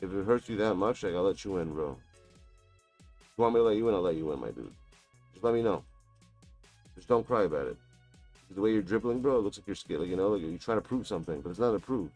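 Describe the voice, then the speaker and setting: Trash-talking his opponent with profanity, a male streamer mocks and taunts during a live basketball video game. He has a low, slightly mellow voice with lively intonation, a quick pace, and frequent pauses, over faint background music.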